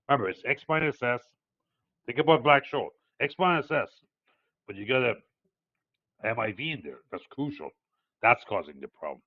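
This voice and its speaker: A man's voice: medium pitch, no room sound. An older man with a non-native English accent, a market analyst teaching a live webinar, digressive and hesitant with many fillers as he explains step by step. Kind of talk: live chart walkthrough for traders. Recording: tinny phone-like dry sound.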